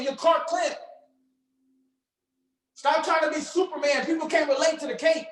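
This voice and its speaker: A man with a strikingly high voice delivers a lively motivational lesson. He talks in slang and fires questions at his listeners, pausing for them to answer. His voice rings around an echoey room. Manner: energetic, preachy, uses slang and call-and-response questions. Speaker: trading mentor. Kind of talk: motivational coaching talk.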